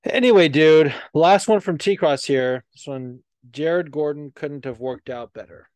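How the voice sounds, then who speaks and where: A man's voice: a little high, measured pace, a little mellow, no room sound. A man hosting a podcast in casual chat, rambling with lots of swearing and filler words. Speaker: podcast host.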